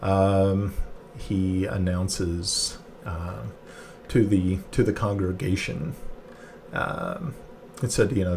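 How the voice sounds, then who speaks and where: A man narrating a tabletop game as game master, halting with many fillers and restarts. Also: deep voice, steady tone, vocal fry, darkish tone, slight background noise.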